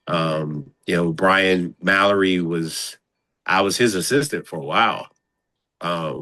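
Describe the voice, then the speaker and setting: Male coach guest, deep voice, dry sound, casual, animated and slangy. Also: dry recording. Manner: animated, slangy, repeats phrases. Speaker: basketball coach. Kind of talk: casual interview chat.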